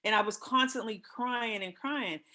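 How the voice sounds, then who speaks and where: A woman in her fifties hosting a casual talk show, telling personal stories in an emotional, expressive way. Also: fairly high pitch, a little slow. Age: 50s. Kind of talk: casual chat.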